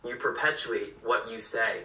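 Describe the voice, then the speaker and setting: A man's voice: medium pitch, unhurried, bright, forceful tone. Man, emphatic, encouraging, profane, roomy, distant mic. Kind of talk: impassioned social media monologue.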